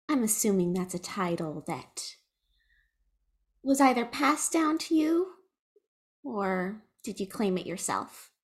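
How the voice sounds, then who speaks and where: A defiant young witch, played by a woman, blunt, mocking and quick to swear. She talks in an unhurried, deliberate way, even when she pushes back. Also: medium pitch.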